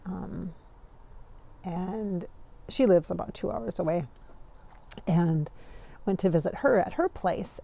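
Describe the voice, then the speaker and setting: A woman's voice: on the low side, creaky, warm tone. A woman in her forties talking to camera in a rambling, reflective vlog, laughing often as she goes. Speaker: vlogger. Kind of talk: reflective casual monologue.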